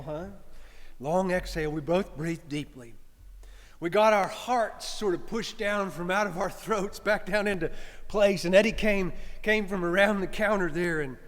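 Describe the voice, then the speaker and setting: High-voiced priest preaching in a reverberant church. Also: male voice. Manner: conversational, asks the congregation "huh?". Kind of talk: storytelling sermon. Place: church sanctuary.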